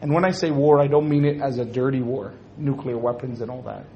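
A man's voice: mid-range voice, fairly even intonation, a little fast, highs cut off, a little hiss or hum. A man speaking to an audience at a religious talk, joking and acting out little scenes.

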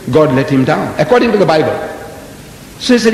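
A man in his seventies gives a religious lecture to an audience, speaking expressively at normal speed. He tells a story dramatically, using rhetorical questions. The sound is echoey, as in a hall, with a faint rumble.

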